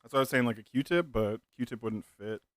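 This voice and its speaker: A man's voice: medium pitch, fairly quick, dry recording, clean studio sound. A man in young adulthood chatting casually with viewers while building a keyboard, laid-back and joking, laughing often. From United States.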